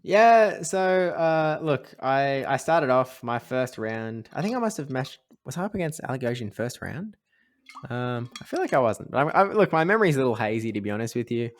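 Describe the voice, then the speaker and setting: A man co-hosting a podcast. He talks casually and recalls events in a relaxed, hedging way. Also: medium pitch, normal speed. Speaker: podcast co-host. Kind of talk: casual chat.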